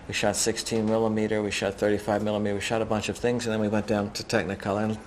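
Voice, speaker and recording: A man with a fairly low voice recalls shooting a film in a documentary interview. He talks in a loose, chatty way full of fillers, over faint background noise. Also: level tone, quick pace. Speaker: cinematographer interviewed.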